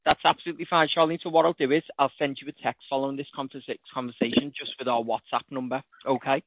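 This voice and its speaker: A man's voice: medium pitch, flat delivery, fast talker, dry recording. A man with a Liverpool accent, a customer service agent speaking politely and patiently on a phone call. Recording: tinny phone line.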